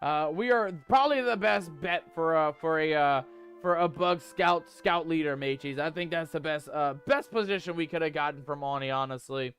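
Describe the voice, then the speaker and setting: A man's voice: on the high side, normal speed, fairly bright tone, faint music behind, pitched below the performer's own voice, lightly acted. A man playing a swaggering male pirate ghost captain in a game stream, full of pirate slang and playful bluster. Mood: boastful.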